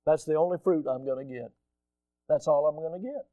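Emphatic middle-aged male pastor, high voice, dry close sound, addresses the congregation as folks. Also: fairly quick, no echo, highs cut off. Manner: emphatic preacher, swings from loud asides to low, earnest stresses; addresses listeners directly as folks. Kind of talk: sermon.

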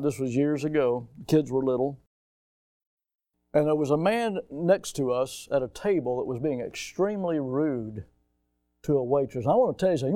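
A middle-aged man preaching a sermon in a conversational way, dropping to hushed asides and then rising into loud, shouted outbursts. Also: a little high, no echo, studio quality. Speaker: pastor.

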